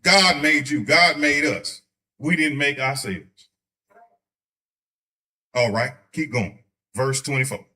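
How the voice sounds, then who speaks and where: A man teaching a church Bible study in a casual, joking way, slipping into quick voices to make his points. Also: mid-range voice, sharp tone. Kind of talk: conversational sermon. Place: church sanctuary.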